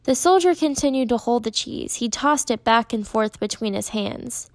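Woman narrator, steady measured audiobook read, fairly high voice. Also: no room sound.

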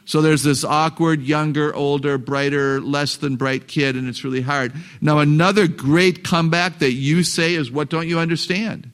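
A man's voice: a little high, steady tone, normal speed, hardly any pauses, fairly bright tone. A man giving a live talk to parents, joking and asking the audience questions. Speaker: parenting seminar speaker.

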